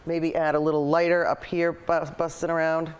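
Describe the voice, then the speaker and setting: A woman's voice: deep voice, level tone, normal speed, smooth. Chatty woman teaching a painting demo. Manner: chatty, enthusiastic, thinks aloud while painting. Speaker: painting show host and art teacher. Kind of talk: live painting demonstration.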